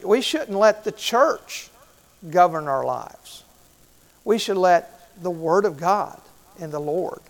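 High-voiced man preaching a sermon. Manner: asks the congregation questions, repeats key phrases. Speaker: pastor.

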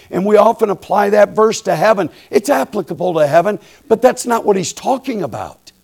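A male preacher telling a humorous story from the pulpit, quiet and folksy one moment and loud and fired up the next. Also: high-pitched, big pitch swings, moderate pace, creaky, few pauses. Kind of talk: storytelling sermon.

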